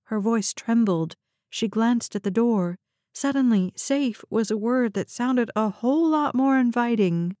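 Woman reading a novel aloud, steady, warm tone, dry close mic. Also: a little high, a little slow, dry recording. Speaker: audiobook narrator. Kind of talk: scripted narration.

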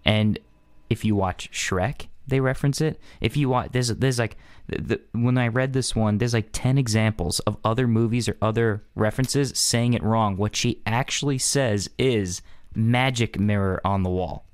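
A man's voice: medium pitch, normal speed. A man hosting a casual podcast chat, asking quiz questions and often restarting his sentences. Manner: quizzing, restarts mid-sentence. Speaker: podcast host quizzing co-host.

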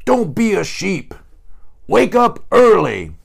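A man voicing a relentless male motivational coach who shouts pumped-up exhortations. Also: high-pitched, huge pitch swings, takes it slowly, gravelly, husky, voice pushed up, full character voice. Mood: fired up.

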